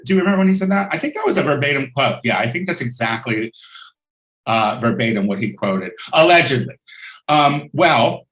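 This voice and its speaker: A man's voice: mid-range voice, fairly bright tone. A man hosting a comedy show, delivering a flamboyant, profane, sassy monologue. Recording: echoey room, mic at a distance.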